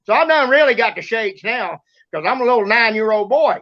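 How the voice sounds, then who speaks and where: A man with a Kentucky Southern accent telling a story as host, excitable and drawling, acting out sounds and shouts. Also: very high-pitched, brisk, muffled recording. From Kentucky, USA. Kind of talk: animated storytelling.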